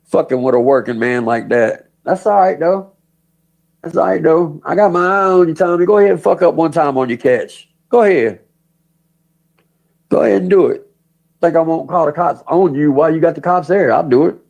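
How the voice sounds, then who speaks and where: Man, livestream rant, gravelly fry, slightly high voice, profane, mocking, laughs a lot. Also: moderate pace, darkish tone, poor audio. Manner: mocking, cursing, laughs often between lines; taunts absent people by name with questions. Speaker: livestream host.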